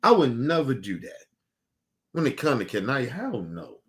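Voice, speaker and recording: A man ranting heatedly and profanely on a casual stream as its host, repeating himself and swinging from loud bursts to low mutters. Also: big pitch swings, moderate pace.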